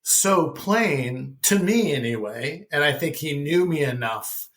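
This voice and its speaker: A man guest on a podcast, telling a personal story in an animated, casual way, often asking "right?" and repeating words as he starts a thought. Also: a little high, slow.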